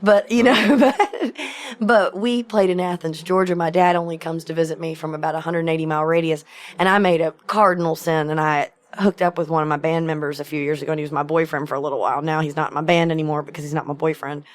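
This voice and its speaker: A woman from South Carolina telling lively, profane stories in a casual podcast chat, laughing often, recorded on a tour bus. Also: sits low, fast talker. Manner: animated, laughs often, swears freely. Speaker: podcast guest, musician.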